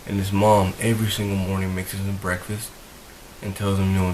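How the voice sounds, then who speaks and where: A young man with a low, level voice speaks earnestly to camera, circling back and repeating himself as the feeling builds. His delivery stays steady in pitch and rarely lifts. A soft hiss runs under the recording. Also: brisk. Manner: emotional, rambling, repeats himself. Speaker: vlogger.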